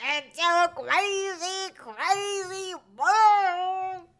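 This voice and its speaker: A woman doing an impression of a shrill, screeching male comedian in drawn-out yells. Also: heavily acted.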